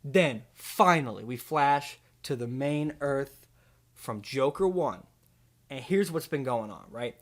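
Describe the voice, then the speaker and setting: Speaking at a slow pace, a young man hosts a comedy video where he pitches an absurd movie, rambling deadpan and full of fillers.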